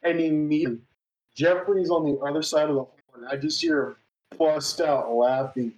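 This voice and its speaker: A man's voice: fairly high pitch, steady tone, moderate pace, darkish tone, roomy sound, low-quality recording. A man in his twenties, co-hosting a podcast, telling a story in casual chat, swearing and laughing often. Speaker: podcast co-host.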